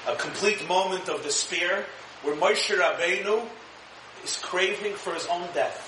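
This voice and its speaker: Animated high-voiced man preaching in an echoey room. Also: a little slow. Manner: dramatic, shifts into acted quotes with rising pitch. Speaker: rabbi. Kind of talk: animated sermon. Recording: echoey room from a distance with hiss.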